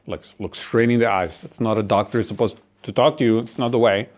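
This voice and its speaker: A man's voice: lowish voice, fairly even intonation, a little fast, hardly any pauses, a little mellow. A man delivering a profane, sardonic comedic rant about philosophy and human existence. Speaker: monologuist.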